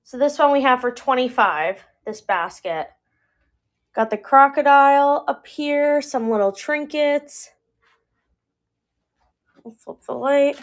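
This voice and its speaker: A young woman in her twenties runs a live online sale in a relaxed, chatty way. Her voice sits a little high, and she pokes fun at her own mix-ups as she goes. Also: slow pace, pauses often. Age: 20s. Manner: chatty and self-deprecating, laughs at own slips. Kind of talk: casual live-sale chat.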